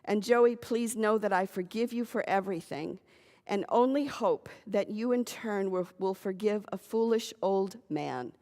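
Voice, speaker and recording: A woman's voice: mid-range voice, unhurried, mellow, close to an everyday voice. A woman reading as a tender old father. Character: grieving older Jewish father, pleading, loving. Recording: long hall reverb.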